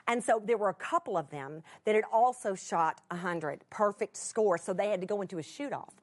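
A woman preaching to a live audience, telling a personal story in a folksy, chatty way, with emotional swings from excited to hushed. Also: mid-range voice, a little fast. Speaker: Christian speaker.

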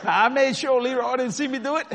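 A man's voice: extremely high pitch, quick pace, a crowd in the background, noisy background. A man preaching a sermon through folksy stories, chuckling often and checking that his listeners follow. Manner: folksy, conversational, asks the audience if they follow. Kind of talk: storytelling sermon.

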